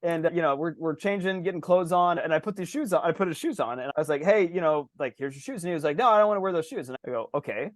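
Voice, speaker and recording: A man's voice: on the high side, quick pace, few pauses, no room sound, clean studio sound. A man co-hosting a podcast in casual chat, rambling and telling stories with lots of "like" and acted-out quotes, swearing casually. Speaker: podcast co-host.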